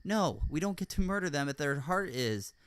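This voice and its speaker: A man's voice: a little high, expressive, moderate pace, smooth, dry recording. A man hosting a podcast, speaking in casual and emphatic commentary, often checking in with "all right?". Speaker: podcast host.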